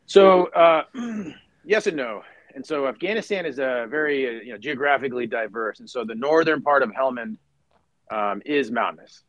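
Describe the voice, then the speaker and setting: Blunt, animated middle-aged male storyteller. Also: medium pitch, normal speed, no room sound, muffled recording. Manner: animated storyteller who acts out others' lines, many fillers and restarts; blunt, swears casually. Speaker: podcast guest, retired Marine officer. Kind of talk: storytelling interview.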